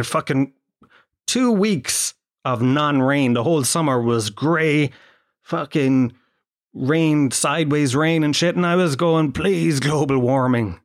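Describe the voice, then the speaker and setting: A man from Tralee with a Kerry Irish accent, rambling through a sarcastic, profane comic monologue. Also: mid-range voice. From Tralee, Ireland. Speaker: comedic monologue host.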